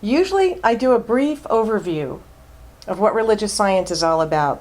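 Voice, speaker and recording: A woman minister giving a sermon, emphatic and fond of repeating words for stress. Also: on the low side.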